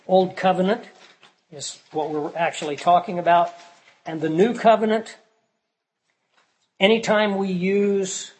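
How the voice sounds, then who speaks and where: A Bible teacher with a slightly high voice, captured in a rough recording, teaches scripture sermon-style. He puts questions to the listeners and swings between soft and loud for emphasis.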